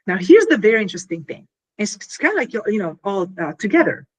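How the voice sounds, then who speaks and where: A woman in an interview explaining her invention in an animated, casual way, full of fillers and little acted-out scenes. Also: mid-range voice, quick pace, slightly rough.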